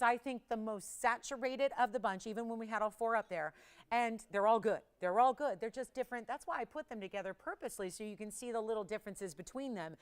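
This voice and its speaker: A woman's voice: fairly high pitch, smooth. A woman hosting a live on-air jewelry shopping show, chatty and playful, laughing often and teasing the crew. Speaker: shopping channel host.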